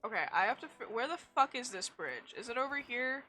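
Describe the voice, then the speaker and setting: A woman's voice: on the high side, animated, brisk, pushed and bright, faint music behind. A young woman streaming a game, chatting casually in a blunt, rambling way with frequent swearing. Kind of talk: casual chat while gaming.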